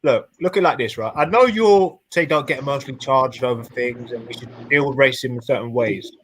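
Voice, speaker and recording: A man's voice: medium pitch, fairly quick, a bit bright, slightly rough. A man calling into a casual live chat, joking and rambling, often restarting his words. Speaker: caller. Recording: noisy call audio.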